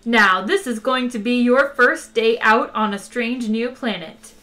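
A woman's voice: on the high side, unhurried, sharp tone. A woman voicing a fussy, motherly ship's computer that speaks in a prim, scolding, nannying way.

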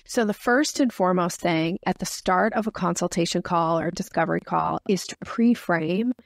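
A woman's voice: lowish voice, moderate pace, creaky, no room sound, clean studio sound. A woman sales expert, a podcast guest, explaining her method with acted-out example dialogues. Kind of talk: podcast interview.

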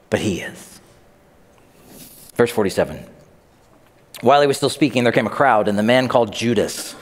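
A middle-aged pastor with a mid-range voice preaches a sermon, telling stories animatedly and acting out the voices he quotes. The recording has a long hall reverb.

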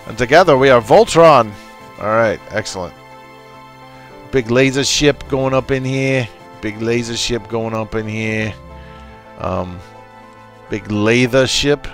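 A man's voice: medium pitch, a little slow. Man, gameplay commentary, goofy, talks to his units, faint game music behind. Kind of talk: casual let's play commentary.

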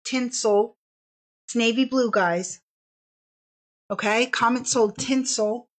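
A woman's voice: fairly high pitch, slow. A woman hosting a casual live fabric sale stream, bubbly and chatty, stretching out each product name as she shows it.

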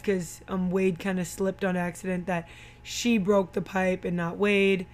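A woman in easy, casual conversation, walking through a film scene by scene. She talks at a mid pitch and slips into quoting the characters as she goes. The tone is relaxed and unscripted. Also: slow pace. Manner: chatty, retells scenes with quoted lines. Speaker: movie commentator. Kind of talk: casual movie recap chat.

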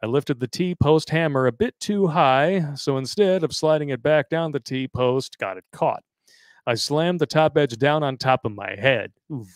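A man's voice: on the high side, unhurried, no echo. A man hosting a live show, reading a story aloud in a crude, jokey way and laughing often. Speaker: podcast host reading a listener story. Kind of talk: casual live-stream chat.

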